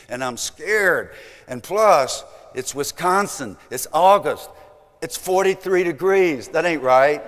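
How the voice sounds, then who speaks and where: Southern-accented older man, hall reverb. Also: medium pitch. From American South. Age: 70s. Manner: emphatic, swinging from loud to hushed. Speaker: speaker. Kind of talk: motivational storytelling talk.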